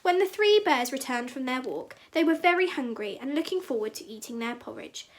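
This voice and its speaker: A woman teacher reading a fairy tale aloud for children in an expressive, sing-song way. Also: high-pitched, brisk, slight background noise.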